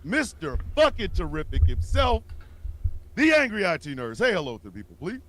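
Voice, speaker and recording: Male host, high voice, very animated pitch, swearing, hype introductions, casual comedy chat. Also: normal speed. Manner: profane, excitable, introduces guests with hype. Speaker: show host.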